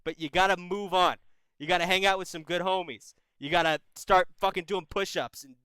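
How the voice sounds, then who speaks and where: A man's voice: high-pitched, fairly even intonation, fairly quick, bright, forceful tone, smooth, dry recording, low-quality recording. A man in his twenties hosting a call-in advice stream, giving blunt, profane, brotherly advice in casual chat. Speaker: advice show host.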